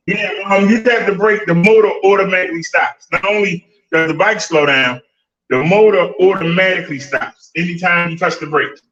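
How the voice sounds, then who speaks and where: Here an e-bike vlogger with a high, slightly bright voice speaks a little slowly, recorded with a roomy sound and dull audio. Out of breath, this fitness vlogger shows off the bike in a chatty way, laughing and addressing his audience.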